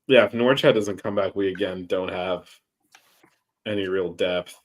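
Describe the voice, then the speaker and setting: A man's voice: low voice, unhurried. A man hosting a casual sports chat, rambling with many fillers and restarts. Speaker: sports podcast host.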